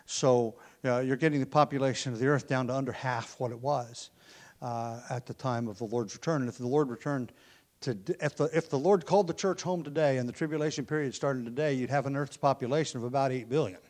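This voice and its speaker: A man with a mid-range voice teaches verse by verse through a Bible passage. He explains each point patiently, pausing on ums and restarting phrases as he works through it. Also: mid-range voice, fairly even intonation, a little mellow.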